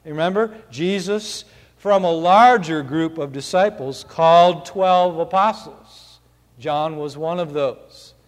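Man, preacher, sermon, earnest, slow, step-by-step teaching, long hall reverb. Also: a little high.

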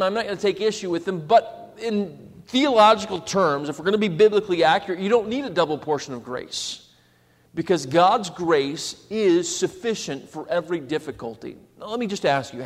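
A man preaching a sermon in a conversational way, slipping into acted asides. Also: sits high. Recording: long hall reverb.

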